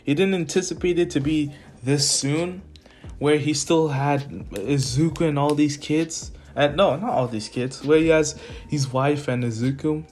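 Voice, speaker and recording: A man narrating a made-up fan story in a loose, rambling way, full of fillers and self-corrections. His voice sits a bit higher than most men's. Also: unhurried, darkish tone, faint music behind.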